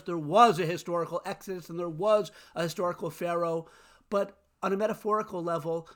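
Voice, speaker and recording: A rabbi giving a short weekly Torah lesson, animated and self-deprecating, chuckling now and then. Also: male voice, high voice.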